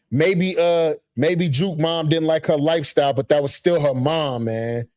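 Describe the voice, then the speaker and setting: Male co-host, live recap stream; relaxed street slang, reads chat out loud. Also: fairly high pitch, unhurried, hardly any pauses. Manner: laid-back, slangy, reads viewer chats aloud.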